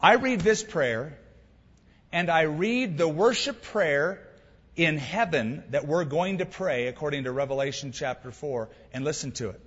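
A man's voice: on the high side, measured pace, fairly bright tone, husky. A man preaching a sermon as a pastor, emphatic and conversational, with casual asides to the congregation. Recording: dull hall recording with long reverb.

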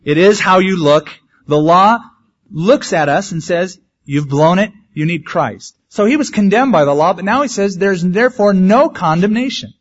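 Man preaching, slightly high, lo-fi. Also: lively intonation, normal speed. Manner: conversational preaching with humorous asides. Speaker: pastor. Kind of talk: sermon. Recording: dull lo-fi sermon recording.

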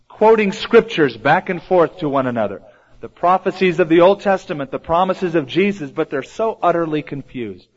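A man preaching a sermon in a lively way, acting out the lines he quotes in different voices. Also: fairly high pitch. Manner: animated, acts out quoted lines in varied voices. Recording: dull lo-fi recording.

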